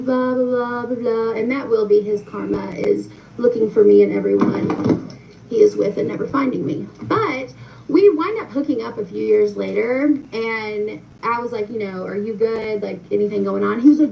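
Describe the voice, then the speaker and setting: A young woman with a fairly high voice, chatting away to her viewers with plenty of fillers. She sounds set back from the mic, muffled, with a faint hiss underneath. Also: lively intonation, normal speed, creaky. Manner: chatty, many fillers, addresses viewers directly. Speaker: storyteller. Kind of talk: casual storytelling to viewers. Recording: distant, muffled with faint noise.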